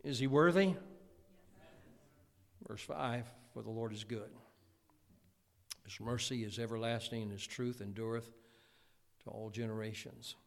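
A man preaching a sermon in a folksy, animated way, acting out quotes from his congregation. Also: medium pitch, a little slow, vocal fry, pauses often. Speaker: pastor. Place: church sanctuary. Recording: long church reverb.

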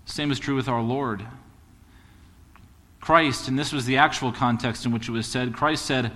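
A man's voice: mid-range voice, fairly even intonation, normal speed, a bit bright, long reverb tail. A man preaching a sermon as a pastor, moving from casual storytelling into emphatic, building preaching.

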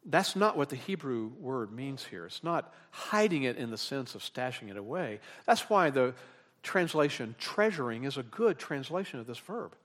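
A man's voice: medium pitch, normal speed. Man preaching an expository sermon. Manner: animated preaching that rises in emphatic bursts, with asides. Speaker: pastor.

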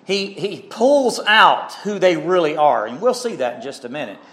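A man's voice: on the high side, big pitch swings, normal speed, sharp tone. A man preaching a Bible sermon, pressing his points with rising emphasis and rhetorical questions to the congregation. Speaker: pastor.

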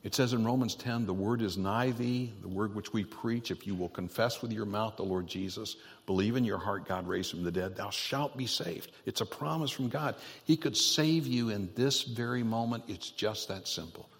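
Low-voiced preacher guy giving a sermon, gets loud and punchy on the verses, long hall echo. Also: moderate pace, hardly any pauses. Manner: rises to emphatic exhortation on scripture, drops soft for prayer. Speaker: pastor.

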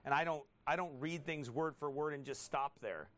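A man with a somewhat high-pitched voice delivers a pastor's sermon, peppering it with rhetorical questions. He reads scripture slowly and deliberately and swells into forceful, emphatic bursts.

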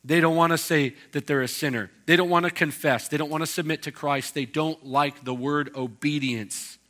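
Male pastor, bright and forward tone, chatty sermon delivery with acted-out asides. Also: fairly high pitch, fairly even intonation, normal speed. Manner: conversational preaching with acted-out quotes. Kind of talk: expository sermon.

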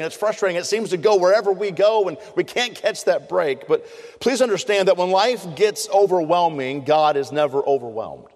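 A man's voice: on the high side, darkish tone. A middle-aged man preaching a sermon, telling stories in an earnest, conversational way with frequent restarts. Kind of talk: sermon with personal storytelling. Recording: long hall reverb.

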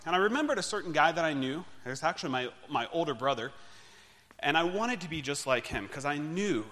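Young guy telling his faith story, bright voice, big echoey hall. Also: fairly high pitch, lively intonation, brisk. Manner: candid, self-deprecating storytelling. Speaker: speaker giving his testimony. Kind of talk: personal testimony talk. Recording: long hall reverb.

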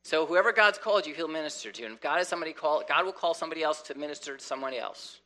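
A man preaching a sermon in an animated way, often acting out the voices of people praying. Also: fairly high pitch, rapid-fire.

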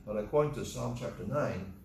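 A man's voice: mid-range voice, vocal fry. An American man preaching a sermon, reading scripture aloud with emphatic, rising delivery. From United States. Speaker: pastor. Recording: roomy echo, voice far from the mic.

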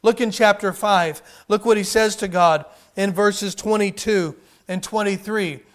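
A man's voice: high-pitched, measured pace, a bit bright. A man preaching a sermon in a conversational way, asking his listeners frequent rhetorical questions. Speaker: pastor.

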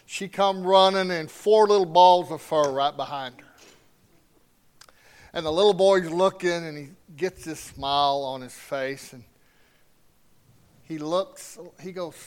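A man preaching a sermon, telling a story quietly before rising into loud, emphatic preaching. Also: high-pitched, a little slow, long pauses, clean tone.

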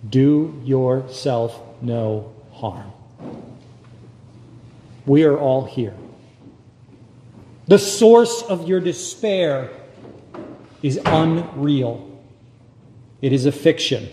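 A fairly high-pitched man preaches slowly and dramatically, his mellow voice ringing through a large, echoey hall. He lets long pauses hang between his phrases. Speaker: pastor. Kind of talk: sermon.

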